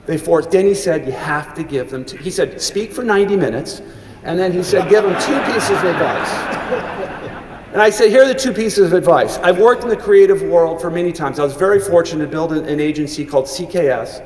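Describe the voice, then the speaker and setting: Speaking quickly with few pauses, a middle-aged man with a voice on the high side delivers a commencement address, telling earnest anecdotes and often restarting. At one point he gets briefly choked up. The large hall makes the audio echoey and reverberant, and there's background noise.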